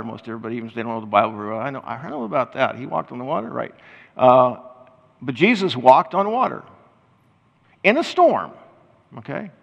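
Animated older preacher in reverberant hall. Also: male voice, medium pitch, dull audio. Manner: animated, conversational preaching with laughs and restarts. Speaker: pastor. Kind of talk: sermon.

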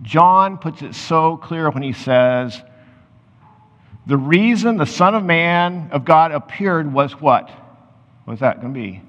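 A pastor preaching a sermon, reading scripture aloud and then explaining it in loose, conversational asides. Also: male voice, a little high, lively intonation, slow, fairly bright tone. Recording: muffled sound with long hall reverb.

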